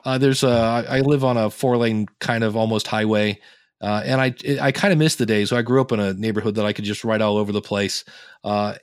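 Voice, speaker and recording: A man's voice: lowish voice, a little fast, clear, resonant tone, no echo, clean studio sound. A man from Ohio, a podcast guest chatting casually and acting out the reactions he quotes. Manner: animated storyteller, acts out quoted reactions. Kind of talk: casual interview chat.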